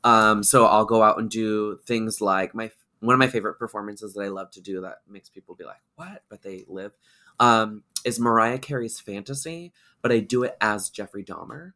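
A man from Washington State, a drag performer, talks casually as a podcast guest. He rambles and pokes fun at himself, and his voice has a bright, forceful edge. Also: lowish voice, normal speed. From Washington State, USA. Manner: chatty, rambling, self-deprecating. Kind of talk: casual chat.

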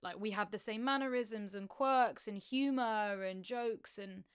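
A woman's voice: mid-range voice, measured pace, clear, resonant tone, no room sound, clean studio sound. Sweary young British woman chatting. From Britain. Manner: frank, sweary, laughs a lot. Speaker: podcast co-host. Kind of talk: casual chat.

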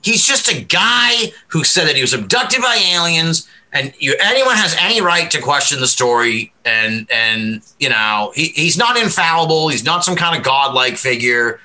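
Bright kinda high-voiced guy rambling on a podcast, swears a lot, keeps restarting. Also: normal speed, hardly any pauses, poor audio. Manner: rambling, animated, swears freely; many fillers and restarts, laughs often. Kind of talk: casual podcast discussion.

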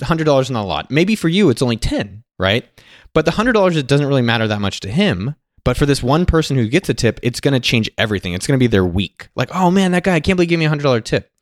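A man telling a story and sharing advice in a casual monologue, animated and acting out the people he quotes. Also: mid-range voice, dry recording, clean studio sound. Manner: animated, quotes others in lively put-on voices.

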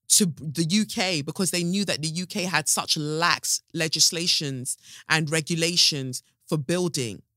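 A woman's voice: lowish voice, sharp tone, no echo, clean studio sound. A woman hosting a podcast, talking in an impassioned, angry monologue full of swearing and repetition, then turning reflective as she thinks aloud. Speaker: podcast host.

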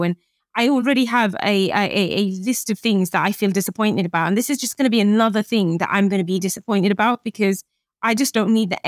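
This podcast interview features a British chef and author in her late 30s with a medium-pitched voice. She's a chatty guest whose lively stories include acted-out quoted dialogue. The audio is dry and close.

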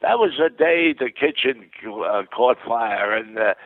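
An older man from Queens, New York, rambling through excited anecdotes as a phone guest. His voice is gravelly and sits in a middle register. The sound is tinny and phone-like, with a dry, close feel. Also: mid-range voice, measured pace, no room sound. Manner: rambling, enthusiastic anecdotes with many restarts. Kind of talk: phone interview storytelling. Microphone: telephone.

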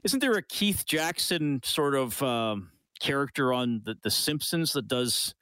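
Male sports radio host, mid-pitched, casual, reads listener notes, dead-dry studio sound. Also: moderate pace, a bit bright, dry recording. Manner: reads listener messages aloud, chatty, laughs often. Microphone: studio microphone.

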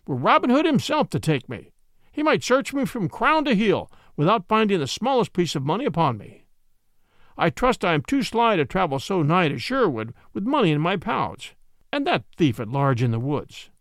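A man's voice: high-pitched, sing-song, normal speed, fairly bright tone, no room sound, exaggerated voice. A man voicing a lean, wizened, miserly grain merchant who talks in a dry, sour, scornful voice. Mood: angry. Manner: snarling, scornful.

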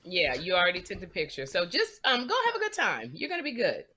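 A woman's voice: lowish voice, huge pitch swings, fast, pushed and bright, slightly rough. A woman, teasing and encouraging a friend in casual chat.

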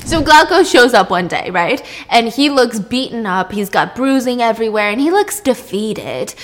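A young woman retells an old myth in an animated, irreverent way. Her voice is somewhat high and bright, and she swears casually as she goes. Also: normal speed. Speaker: storyteller.

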